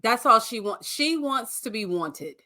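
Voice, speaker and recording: Woman guest, bright voice, lively pitch, blunt sassy opinions. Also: a little slow, no echo, clean studio sound. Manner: blunt, sassy commentary with slang. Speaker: podcast guest. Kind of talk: casual chat.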